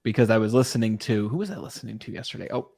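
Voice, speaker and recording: A man's voice: on the low side, animated, racing, gravelly, a little mellow, breathy edge, no echo. A man hosting a podcast, enthusiastically posing long, layered questions to his guest. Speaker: podcast host. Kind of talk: interview conversation.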